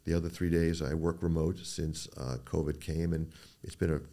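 An older man with a very low, gravelly voice talks through his career as a guest on a podcast. He tells stories at an easy pace and slips into quick impressions of the people he quotes. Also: little pitch movement, mellow. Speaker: neuro-oncologist guest. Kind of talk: podcast interview.

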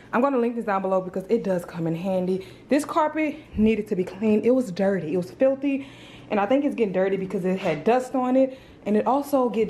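A little hiss or hum sits under this young woman's mid-range, dark-toned voice. She's a vlogger chatting casually to her tripod camera in her apartment, calling her audience "girl" and "y'all."

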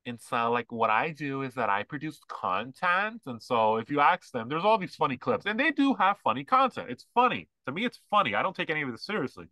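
A man's voice: fairly high pitch, big pitch swings, brisk, few pauses, pushed and bright, no room sound. A man co-hosting a podcast, ranting in casual, mocking chat with lots of fillers. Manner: ranting, mocking, mimics others. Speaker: podcast co-host.

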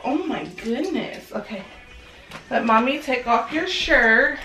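A woman's voice: a little high, lively intonation, takes it slowly, bright, forceful tone, faint music behind. A young woman, a mother and family vlogger, gushing at her daughter in playful, teasing baby talk at home. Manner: gushing, sing-song, teasing. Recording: echoey room, camera at a distance.

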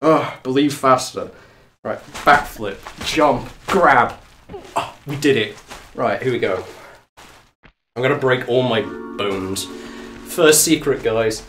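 Breathless man excitedly narrating live gameplay. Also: mid-range voice, slow, pauses often, soft background music. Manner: excitable, talks to the game character and chat. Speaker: let's play streamer. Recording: echoey room, mic at a distance.

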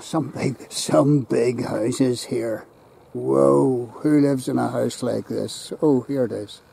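A man's voice: medium pitch, fairly even intonation, slow, gravelly, mellow, slight background noise, low-quality recording. A man with a Northern Irish accent giving chatty, enthusiastic walking-tour commentary outdoors by a lake, filmed on a handheld camera. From Northern Ireland. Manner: chatty, enthusiastic, talks to passers-by. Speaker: vlogger and tour guide.

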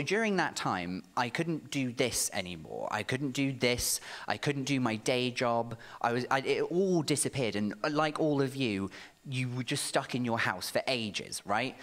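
A man performing a camp, animated stand-up set on a comedy club stage. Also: mid-range voice. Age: 30s. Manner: camp, animated storytelling with sharp asides.

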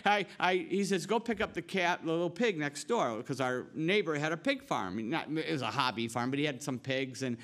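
High-pitched guy preaching, tells stories all over the place, lots of restarts. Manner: rambling, animated storytelling with many restarts. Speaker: pastor. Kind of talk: storytelling sermon. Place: church sanctuary.

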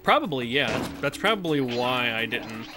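A man's voice: medium pitch, big pitch swings, normal speed, over music. A man casually commenting while he plays a video game, chatty and swearing now and then while answering chat. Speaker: let's play streamer.

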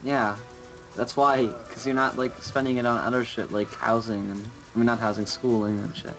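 A man's voice: medium pitch, flat delivery, moderate pace, fairly bright tone, highs cut off, soft background music. A man chatting as a guest on a game stream, slangy, full of "like" and swearing. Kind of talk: casual chat.

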